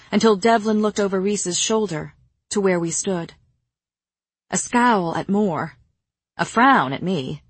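A woman reading a novel aloud in first person, with measured, even storytelling. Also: fairly low pitch, husky, no room sound. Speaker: audiobook narrator. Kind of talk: scripted first-person narration.

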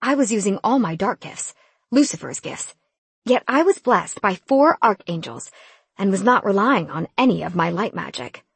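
Expressive woman narrator for a first-person fantasy audiobook, husky tone, animated pitch. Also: normal speed, dry recording. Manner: expressive, lively storytelling.

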